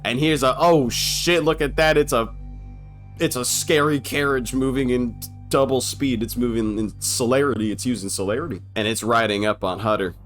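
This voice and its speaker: A young man giving casual, excited commentary on an old film, slangy, swearing and laughing often. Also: medium pitch, moderate pace, soft background music. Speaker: movie reaction commentator.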